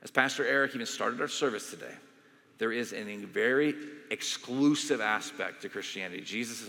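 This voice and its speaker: A male pastor giving a sermon in a conversational, animated storytelling way, in a church sanctuary. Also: mid-range voice, moderate pace. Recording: long hall reverb.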